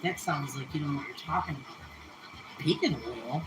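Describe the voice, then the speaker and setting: A woman with a deep, slightly bright voice hosts a casual home cooking livestream at a normal pace, with a little hiss or hum on the audio. She's chatty and giggly, laughing often as she talks in an echoey kitchen.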